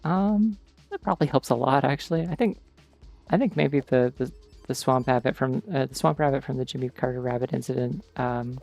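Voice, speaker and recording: A male streamer talks casually over his gameplay, drifting from thought to thought with plenty of filler words. His voice is gravelly, with a bit of vocal fry. Soft game music plays faintly underneath. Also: mid-range voice, a little fast. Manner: rambling, digressive, many "like" fillers. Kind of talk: casual chat while gaming.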